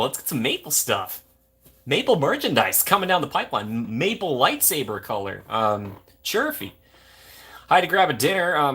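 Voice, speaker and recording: A man's voice: mid-range voice, bright, forceful tone, breathy edge. A young man from Minnesota, hosting a livestream, chatting casually and going off on jokey tangents while reading viewer comments. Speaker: livestream host.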